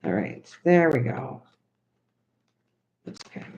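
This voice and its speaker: A woman's voice: rumbling low, big pitch swings, slow, mellow. An older woman from the United States chatting rambly with viewers while she makes cards on a livestream. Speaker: craft livestreamer. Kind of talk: casual livestream chat while crafting. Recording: slightly dull lo-fi stream audio.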